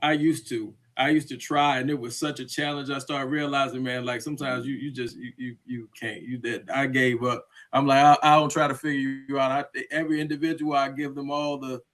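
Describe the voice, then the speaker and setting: Halting man on a video call. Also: medium pitch, little pitch movement, fairly bright tone. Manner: halting, repeats words while searching. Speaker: panelist. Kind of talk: casual chat.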